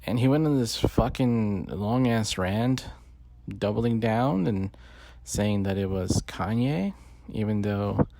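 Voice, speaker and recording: A Bay Area podcast host with a warm, lowish voice offers casual, wandering commentary packed with swearing and filler words. The recording is dry, with no echo.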